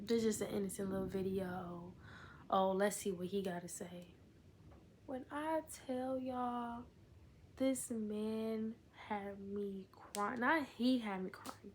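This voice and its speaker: A woman's voice: mid-range voice, a little hiss or hum. A young woman vlogging in casual, candid chat, rambling on with asides and fillers.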